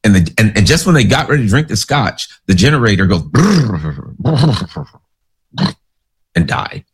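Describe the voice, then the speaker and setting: Lively low-voiced man rambling sarcastically. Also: fast talker, breathy edge. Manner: rambling, anecdotal, sarcastic storytelling. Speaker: commentator. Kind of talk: casual political commentary monologue.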